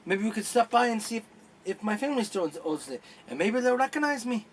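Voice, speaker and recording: A man voicing an excitable adventurer returning to his home, speaking a little higher and stammering. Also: fast talker, slight background noise. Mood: wistful.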